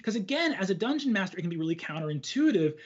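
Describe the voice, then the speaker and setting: A man hosting a casual conversation about storytelling, talking in an animated, rambling way with lots of fillers. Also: high voice, quick pace, husky, muffled recording. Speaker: host.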